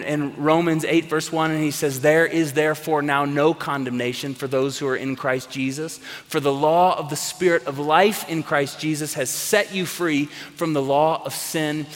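Man, preacher, sermon, earnest, emphatic, repeats phrases, slightly high voice, reverberant hall.

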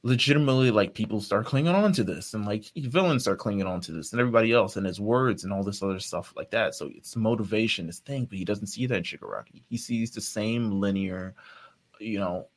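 Low-voiced man rambling in podcast chat. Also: fairly quick. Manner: rambling, laughs often, swears. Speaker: podcast co-host. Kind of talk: casual chat.

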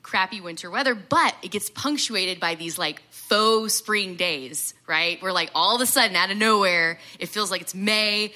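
A woman's voice: medium pitch, moderate pace, hardly any pauses, bright, forceful tone. Chatty woman preaching a casual sermon. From American South. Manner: chatty, self-deprecating, many fillers. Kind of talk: conversational sermon.

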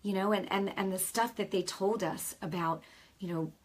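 A woman delivers a relaxed, chatty sermon, stopping for heartfelt asides and restarting her sentences. Her voice is slightly husky and sits at a middle pitch. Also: normal speed. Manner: conversational, emotional, many restarts and asides. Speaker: preacher. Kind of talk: casual sermon.

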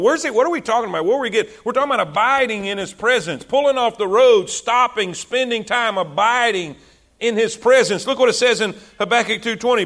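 A man's voice: high-pitched, a little fast, a bit bright. A male preacher giving a fervent, conversational sermon full of repetition, often stumbling over his words as he builds.

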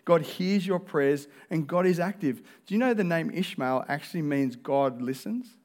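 A man's voice: fairly high pitch, moderate pace. A male pastor, preaching a sermon in an earnest, conversational way.

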